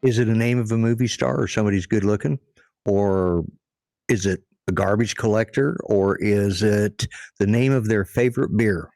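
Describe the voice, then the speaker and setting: A man co-hosting a live stream, reading out quiz questions slowly with chuckles over a video call. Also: fairly low pitch, creaky, darkish tone, dry recording, studio quality. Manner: slow, drawn-out quiz asking, chuckling. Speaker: co-host running a quiz. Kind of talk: casual chat on a live stream.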